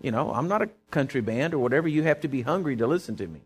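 A man's voice: medium pitch, animated, racing, slightly rough. A middle-aged man preaching a sermon as pastor, folksy, earnest and emphatic, telling stories to his church.

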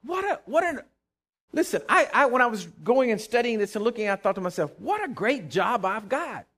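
Male pastor, high tenor voice, folksy and animated from the pulpit. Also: moderate pace. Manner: animated, folksy preaching with rising emphasis. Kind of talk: sermon.

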